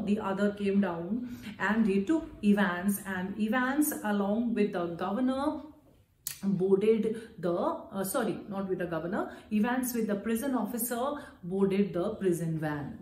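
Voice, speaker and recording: A woman's voice: mid-range voice, a little mellow. Chatty Indian woman teacher, echoey room. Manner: chatty, frequent "you know" fillers, mixes in Hindi. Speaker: English teacher. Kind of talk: explaining a story chapter to students.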